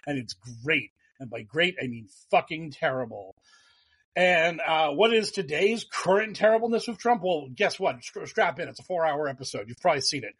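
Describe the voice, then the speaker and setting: Husky, high-voiced sarcastic podcast host. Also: male voice, normal speed. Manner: animated, profane, sarcastic, mocks others in put-on voices. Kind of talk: casual political podcast chat.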